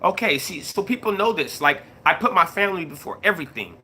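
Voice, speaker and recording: Casting: middle-aged male streamer, somewhat high voice, very bright and forceful, laid-back chat to viewers. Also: lively intonation, fast talker, a little hiss or hum. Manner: laid-back, repeats himself, greets chat mid-story. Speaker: YouTube live streamer. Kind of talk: casual livestream talk to viewers.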